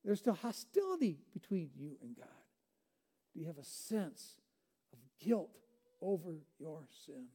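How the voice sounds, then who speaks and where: A man's voice: on the high side, sing-song, a little slow, dark tone, slightly rough. A male pastor preaching a sermon, pleading earnestly with his congregation and closing in prayer.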